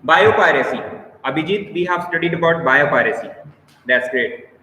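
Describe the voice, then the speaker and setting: A male teacher with an Indian English accent lectures on biology in a high, bright voice. He repeats his key points and calls on students by name. The sound is very echoey, with a long reverb tail and a faint room hum behind him. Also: animated, normal speed. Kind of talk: live online class lecture.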